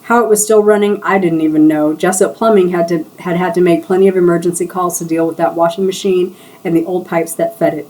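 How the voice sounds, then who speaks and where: Woman reading her novel aloud, low voice. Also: little pitch movement, fast talker, dark tone, slight background noise, rough recording. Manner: reads dialogue with shifts for each character. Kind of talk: live book reading.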